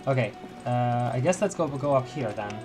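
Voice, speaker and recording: A chatty streamer comments casually on a game, laughing often and reading text aloud. The voice sits at a middling pitch, with faint game music playing behind. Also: lively intonation, moderate pace. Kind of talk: casual let's-play commentary.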